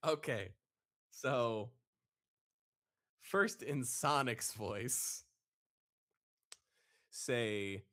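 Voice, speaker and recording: A male guest on a live-stream call, talking slowly and thoughtfully, with a pitch that moves around a lot. He sounds casual and a little hesitant. His voice sits at a middle pitch. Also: animated, sharp tone. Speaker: guest voice impressionist. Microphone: remote call over Discord.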